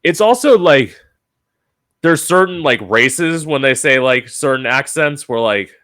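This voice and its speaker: A man's voice: a little high, measured pace. A man hosting a casual podcast, telling frank stories and acting out quoted lines. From United States. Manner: animated storyteller, acts out quotes, frank. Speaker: podcast host. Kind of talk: casual chat.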